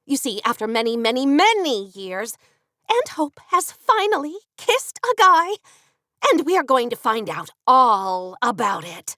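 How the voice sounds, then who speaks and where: A woman reading an audiobook and voicing an excitable, melodramatic young mother, her best friend, with a higher, gushing delivery. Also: unhurried, dry recording, studio quality, exaggerated voice. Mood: excited.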